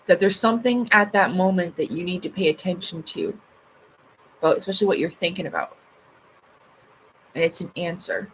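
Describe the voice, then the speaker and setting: A woman's voice: on the low side, brisk, long pauses, a little hiss or hum, low-quality recording. A woman hosting a casual livestream, chatting loosely with her viewers, full of fillers and swearing freely. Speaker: livestream host. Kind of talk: casual live chat reading comments.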